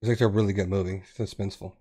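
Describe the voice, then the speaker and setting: A man's voice: on the low side, steady tone, racing, dark tone, slightly rough. Rambling Southern man hosting a chat. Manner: rambling, searches for words. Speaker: podcast host. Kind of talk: casual chat.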